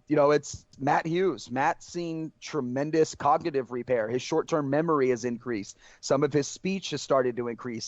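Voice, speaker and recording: A man, slightly high-pitched, tells stories earnestly, acts out what people said, and keeps calling his hosts "guys." The recording is dry and slightly lo-fi. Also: no echo. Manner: earnest storytelling, acts out quoted dialogue, keeps saying "guys". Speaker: podcast guest. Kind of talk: casual podcast conversation. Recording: dry, dull lo-fi podcast audio.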